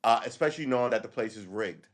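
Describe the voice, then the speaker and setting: A man's voice: mid-range voice, expressive, quick pace. A man hosting a livestream, delivering a casual, rambling monologue in a blunt, profane way. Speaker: livestream host.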